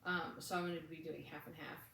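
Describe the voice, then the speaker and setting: A woman's voice: low-pitched, fairly even intonation, fairly quick, creaky, pushed and bright, echoey room, far from the mic, slight background noise, rough recording. A woman co-hosting a casual craft chat, telling stories in a chatty way with frequent laughter. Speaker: podcast co-host.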